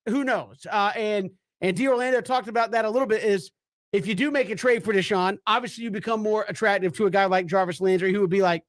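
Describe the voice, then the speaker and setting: High-voiced chatty male sports radio host. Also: no room sound, clean studio sound. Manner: chatty, quick asides with playful jokes.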